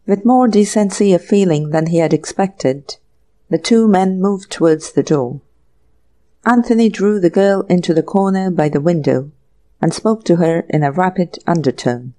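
A woman narrating an audiobook mystery in a slow, measured reading. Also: fairly low pitch, mellow.

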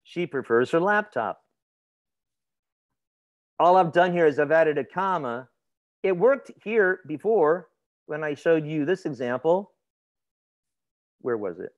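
Guy teaching a grammar class, kinda high voice, chatty, keeps asking the room questions. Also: animated, slow, long pauses, dull audio. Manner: conversational, asks the class questions and laughs easily. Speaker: instructor.

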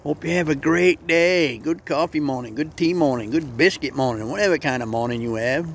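A man's voice: fairly high pitch, brisk, gravelly, a little hiss or hum. A man hosting a motivational vlog, telling a folksy story in a friendly, plain-spoken way. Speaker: vlog host.

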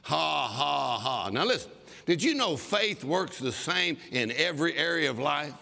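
A man's voice: fairly high pitch, animated, moderate pace, gravelly, pushed and bright. A man preaching a fervent sermon, exhorting his congregation and breaking into mock laughter. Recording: long reverb of a large hall.

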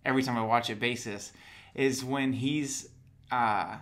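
Man, podcast co-host, casual fan chat, animated, mid-pitched voice. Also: a little slow. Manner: animated, acts out quotes in raised voices.

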